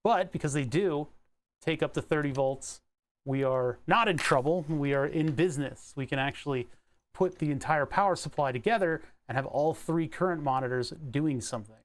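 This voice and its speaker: Young guy muttering thru a soldering job, kinda high voice, rambles, plays with words. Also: normal speed. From Delaware County area, Pennsylvania. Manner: rambling, self-talking, playful wordplay. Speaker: electronics hobbyist vlogger. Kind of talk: casual talk while working.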